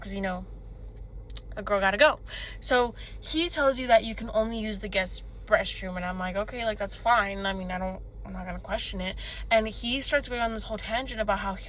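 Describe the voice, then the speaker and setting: A woman's voice: medium pitch, a bit bright, a little hiss or hum. A woman telling a put-a-finger-down story in a chatty, conversational way.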